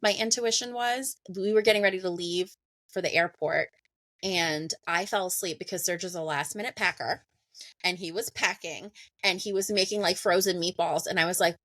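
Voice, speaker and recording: A woman in her thirties tells a personal story in a relaxed, chatty way. She laughs often and slips into the voices of the people in it. The sound is close and dry, with no room echo. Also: fairly low pitch, moderate pace. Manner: laughs often, acts out conversations. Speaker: podcast guest. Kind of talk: casual storytelling.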